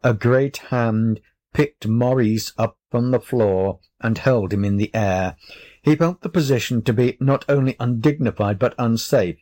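A male narrator reading a storybook aloud at a slow, unhurried pace. His delivery is measured and deliberate, in a middle pitch. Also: dark tone.

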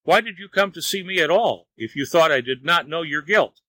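A man's voice: a little high, expressive, brisk, bright, forceful tone, no echo. A man voicing a storybook neighbor who laughs at and teases his visitor. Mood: mocking. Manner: laughing, teasing. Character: amused, mocking neighbor man.

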